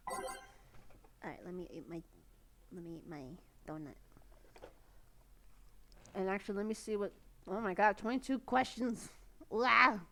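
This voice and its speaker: A woman's voice: mid-range voice, normal speed, pauses often, pushed and bright. A woman streamer chatting casually while playing a game, giggly and swearing freely. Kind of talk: casual gameplay commentary. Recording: game music behind.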